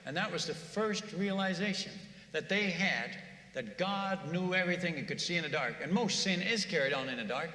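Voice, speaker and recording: A man preaching in a church, telling a mission story in an animated, conversational way and often repeating words. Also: sits high, a little fast. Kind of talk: sermon storytelling. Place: church sanctuary. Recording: echoey church hall.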